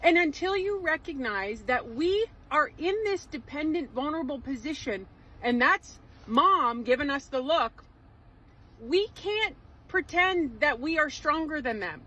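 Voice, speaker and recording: A woman's voice: high voice, expressive, measured pace, pushed and bright, poor audio. A woman, giving emphatic, sarcastic political commentary in a vlog. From Canada.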